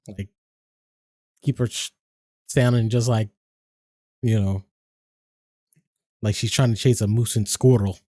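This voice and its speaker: A man's voice: fairly low pitch, steady tone, takes it slowly, pauses often, dark tone, dry recording, clean studio sound. A man, chatting casually and rambling on his game stream, swearing freely and laughing often.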